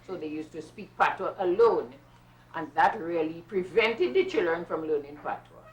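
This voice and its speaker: An older woman with a Trinidadian accent, a carnival masquerader telling her own story in a lively, emphatic way. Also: fairly low pitch, normal speed, dull audio. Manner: lively, emphatic, with bursts of patois. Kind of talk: personal storytelling.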